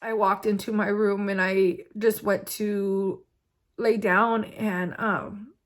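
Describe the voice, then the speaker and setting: A woman's voice: mid-range voice, level tone, slow pace. A young adult woman vlogger telling a personal story in a casual, rambling way, with lots of fillers. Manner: rambling, filler-heavy, conversational.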